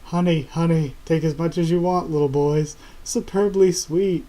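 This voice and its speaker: A man's voice: a little high, steady tone, moderate pace, mellow, close to an everyday voice, poor audio. A man voicing a chorus of talking sweets that beg to be eaten, in a sing-song, pleading way.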